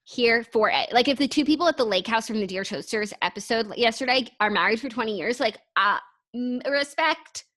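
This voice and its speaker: Bright-voiced young woman chatting. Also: on the high side, a little fast. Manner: enthusiastic, chatty, filler-heavy. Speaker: podcast co-host. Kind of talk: casual chat.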